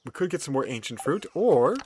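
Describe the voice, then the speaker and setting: A man's voice: medium pitch, a little slow, a little hiss or hum. A man giving casual, playful commentary while he plays a farming video game. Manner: animated, playful, chatty. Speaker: gaming video host.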